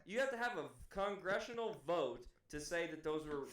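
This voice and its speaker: A young man co-hosting a casual podcast in an echoey room. His voice sits somewhat high for a man. He talks in a laid-back way but presses his points hard when something annoys him. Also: lively intonation, moderate pace. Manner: laid-back, grows indignant and emphatic. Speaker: podcast co-host.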